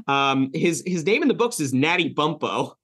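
A man co-hosting a casual film podcast, talking in an animated way, swearing freely and laughing often. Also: a little high, measured pace, breathy edge. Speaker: podcast co-host.

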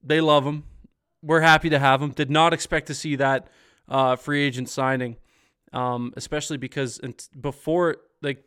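A man's voice: medium pitch, level tone, moderate pace, a bit bright, clean tone. A man hosting a casual post-game hockey stream, reading viewer comments in an upbeat, chatty way. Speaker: podcast host.

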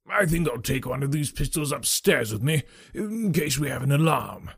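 A male reader playing a bluff retired colonel over sixty, brisk and matter-of-fact. His voice has a husky grain, recorded dry and close. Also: mid-range voice, expressive, a bit bright, no echo, exaggerated voice. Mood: chatty. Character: bluff old retired army colonel, hearty country gent. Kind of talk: audiobook character reading.

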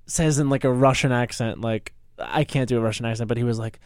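A man co-hosting a casual podcast, telling a lively story and acting out the quotes, laughing often. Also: medium pitch, brisk, clear, resonant tone, dry recording, clean studio sound.

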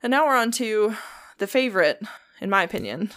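A young woman telling ghost stories in a relaxed, chatty podcast manner. Her pitch sits in an ordinary middle range. Her speech is loose and full of swearing and filler words. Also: brisk, no echo, studio quality. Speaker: podcast host. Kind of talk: casual storytelling chat.

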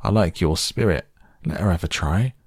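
Man doing a cheery old-fashioned gentleman, gravelly and low. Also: moderate pace, dry recording, studio quality. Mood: hearty. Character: hearty, jovial gentleman motorist.

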